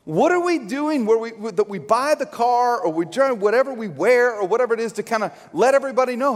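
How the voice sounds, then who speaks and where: A man preaching a sermon as pastor, an animated, joking storyteller who acts out quotes. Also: high voice, normal speed. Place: church sanctuary. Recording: long church hall reverb.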